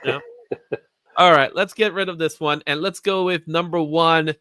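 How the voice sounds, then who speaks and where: A man's voice: fairly high pitch, fairly even intonation, measured pace, bright, forceful tone, clear, resonant tone, dry recording. A man hosting a comics market show, chatting casually and laughing often. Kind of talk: casual chat.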